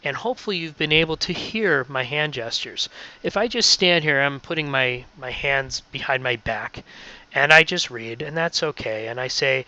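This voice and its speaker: A man's voice: medium pitch, normal speed, sharp tone. A man training radio volunteers in an instructional presentation, encouraging and often checking in with "okay?". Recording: dull lo-fi recording.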